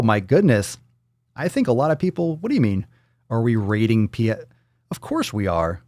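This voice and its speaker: A man hosting a fitness livestream. He talks casually, reacting to viewer posts with loud jokes, swearing and pep-talk coaching. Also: medium pitch, lively intonation, moderate pace, no echo, studio quality. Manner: loud, profane, joking, coaching.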